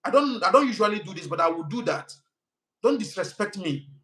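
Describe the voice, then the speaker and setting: A young man with a Nigerian accent speaks in a fairly high voice on his live stream. He argues passionately, often restarting his sentences, and flares into heated replies to commenters. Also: lively intonation, a little fast, fairly bright tone, low-quality recording.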